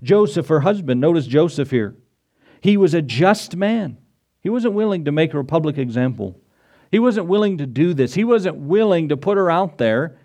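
A man's voice: a little high, lively intonation, moderate pace, warm tone. A man preaching a sermon as pastor, retelling scripture in a folksy way and asking his congregation rhetorical questions. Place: church.

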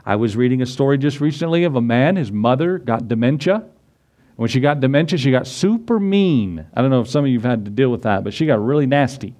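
A man preaching a sermon, emphatic, rising on key points and reading scripture slowly and deliberately. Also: mid-range voice, lively intonation, mellow. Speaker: pastor.

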